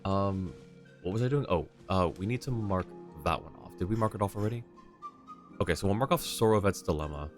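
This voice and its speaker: A male game streamer with a low voice, chatting casually and rambling as he plays. He laughs often, and there is faint music under his talk. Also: a little fast. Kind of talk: casual live-stream gaming commentary.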